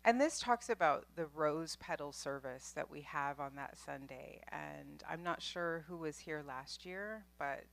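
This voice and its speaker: A woman makes announcements to a congregation in a low, unhurried voice. She sounds heartfelt and laughs easily between her points. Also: vocal fry. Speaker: service announcer. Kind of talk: church announcements. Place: spiritual center service room.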